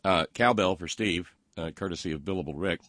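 A man's voice: deep voice, noisy background. A man hosting a political talk show, reading listener comments and mocking the news with sarcasm and lots of ums and uhs. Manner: mocking, sarcastic, halting with many fillers.

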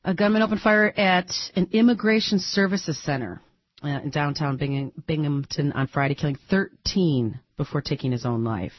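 A woman hosting a talk radio show, chatty and animated, thinking aloud with plenty of fillers. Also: low-pitched, normal speed, dry recording. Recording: dull, dry broadcast audio.

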